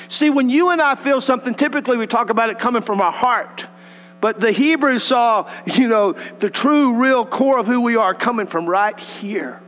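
Animated preacher in a reverberant hall. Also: male voice, very high-pitched. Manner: animated, acts out scripture voices, folksy asides. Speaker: pastor. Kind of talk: sermon. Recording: long hall reverb with mains hum.

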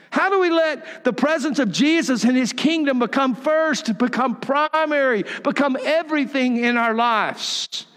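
A man's voice: very high-pitched, a bit bright, long reverb tail. An older man preaching a sermon, telling folksy stories with chuckling asides. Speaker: pastor.

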